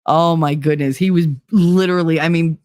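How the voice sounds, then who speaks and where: A woman's voice: low-pitched, steady tone, normal speed, a little mellow, dry recording, clean studio sound. A woman hosting a livestream talk show, chatting casually and reading viewer comments, blunt, swearing freely and laughing easily.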